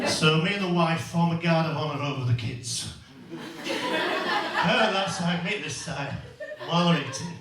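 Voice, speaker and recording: A man's voice: on the high side, animated, slow. A man works a comedy club stage, spinning crude family anecdotes and tossing tag questions at the crowd. His voice leaps up and down. The sound is echoey and distant, with a little noise underneath. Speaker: stand-up comedian. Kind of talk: stand-up comedy routine. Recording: echoey venue, mic far off.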